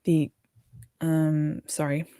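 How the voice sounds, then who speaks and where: A young Australian woman hosts a livestream at dawn, sounding tired. Her voice sits low and mellow, and the dry sound keeps her close. She rambles casually and answers viewer comments as she goes. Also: monotone, drawn-out words, clear, resonant tone, no room sound. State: tired, early morning. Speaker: livestream host. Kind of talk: casual livestream chat while building.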